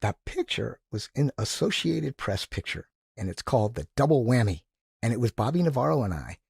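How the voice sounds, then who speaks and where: A man in his sixties tells stories as a podcast guest, animated and enthusiastic. His gravelly, husky voice jumps up when he acts out the quotes. It sounds dry and close. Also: mid-range voice, fairly quick, no echo. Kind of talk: casual storytelling interview.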